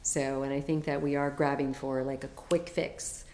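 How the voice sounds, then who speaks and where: A woman's voice: rumbling low, flat delivery, moderate pace, darkish tone, reverberant. A woman guest on a podcast, a health coach talking in a chatty, enthusiastic way with lots of fillers. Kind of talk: casual interview chat.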